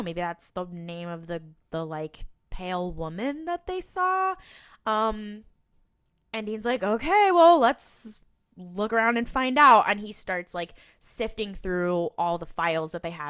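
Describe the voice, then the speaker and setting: A woman talking casually as a podcast co-host, recapping a TV episode and quoting its characters. Her voice sits at an ordinary middle pitch and she keeps an easygoing, rambling flow with frequent ums and likes. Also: a bit bright, clean tone. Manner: retells scenes with quoted lines, many fillers and laughs.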